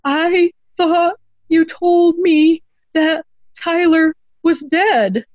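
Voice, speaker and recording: A woman's voice: very high voice, drawn-out words, no echo, highs cut off, pitched above the performer's own voice, exaggerated voice. A woman voicing her frightened three-year-old daughter, shaky and stammering in a tiny voice.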